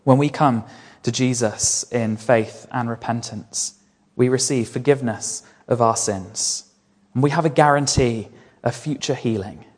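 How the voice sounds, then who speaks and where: A man preaching a sermon in an earnest way, repeating key phrases for emphasis. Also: mid-range voice. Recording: long reverb of a large hall.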